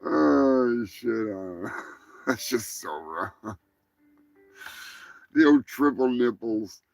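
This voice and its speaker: A man's voice: medium pitch, animated, drawn-out words, gravelly, darkish tone, no room sound, faint music behind. A man hosting a live comedy podcast, joking crudely and swearing a lot. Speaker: podcast host. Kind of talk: casual comedic live show.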